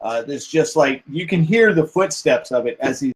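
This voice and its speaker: A man's voice: a little high, lively intonation, normal speed, poor audio. A man running a tabletop game as game master, narrating scenes in a rambling way with many fillers. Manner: rambling, many fillers and restarts while describing.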